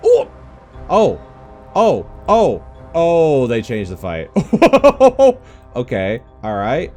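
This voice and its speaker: A man commentating his own video game playthrough with excitable, joking reactions and frequent laughs. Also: mid-range voice, drawn-out words, soft background music. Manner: excitable, jokey, yelps and laughs. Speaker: gaming YouTuber. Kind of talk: Let's Play commentary.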